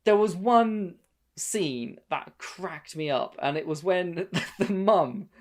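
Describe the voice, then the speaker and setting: Speaking slowly in a high, expressive voice, this man co-hosts a podcast full of casual chat, rambling, restarting often, and cursing without restraint.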